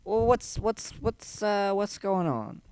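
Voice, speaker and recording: A man voicing a nosy, suspicious female barkeep who talks in a halting, folksy drawl full of y'all. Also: high-pitched, animated, a little mellow, a little hiss or hum, voice pushed up.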